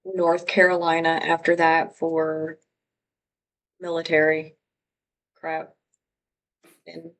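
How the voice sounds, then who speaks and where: A woman's voice: lowish voice, poor audio. A woman from Louisiana hosting a live stream, chatting casually and rambling as she greets viewers by name.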